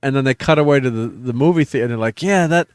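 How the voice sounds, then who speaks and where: A man's voice: mid-range voice, very fast, a little mellow, clear, resonant tone, no echo, clean studio sound. A man hosting a live stream, chatting casually about a show, hesitant, with many fillers, restarts and chuckles. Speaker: podcast host.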